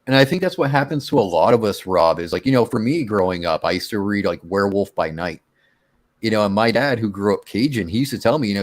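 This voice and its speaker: A man casually telling his own monster encounter story on a radio show, animated and acting out his own quotes. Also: fairly low pitch, quick pace.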